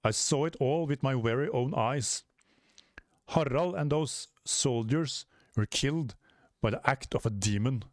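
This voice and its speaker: A man's voice: mid-range voice, unhurried, dry recording, clean studio sound, lightly acted. A man reading aloud the lines of a solemn elderly male giant elder addressing his people, in a grave, formal way.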